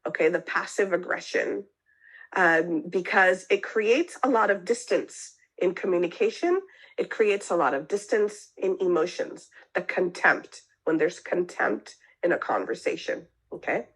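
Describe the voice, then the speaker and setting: A woman's voice: on the low side, a little slow, breathy edge, poor audio. Therapist woman teaching, checking in often. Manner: explains step by step, often checks in with "okay?"; acts out sample phrases with a lifted voice. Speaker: marriage and family therapist. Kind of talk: teaching a mental health talk.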